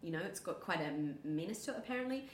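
A young New Zealand woman with a low voice rattles along quickly in casual chat, full of likes and restarts. The room around her rings with echo. Soft ambience lingers behind. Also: animated, a little hiss or hum. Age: young adult. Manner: quick, rambling, many fillers. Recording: echoey room.

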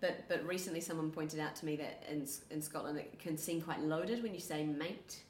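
A young New Zealand woman with a low voice rattles along quickly in casual chat, full of likes and restarts. The room around her rings with echo. Soft ambience lingers behind. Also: slight background noise. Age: young adult. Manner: quick, rambling, many fillers. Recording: echoey room.

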